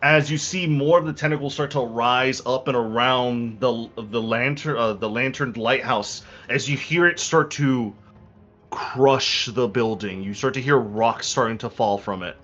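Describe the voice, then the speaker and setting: A man running a tabletop game as game master, narrating dramatically and slowing down for effect, with frequent restarts. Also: mid-range voice, fairly bright tone. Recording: dull lo-fi recording, faint music.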